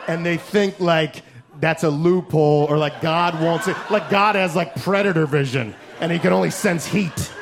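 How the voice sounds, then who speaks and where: A man doing a stand-up set in a comedy club, loud and profane, riffing fast and shouting his punchlines. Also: a little high. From United States. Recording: live club recording with crowd noise. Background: audience laughter and club noise.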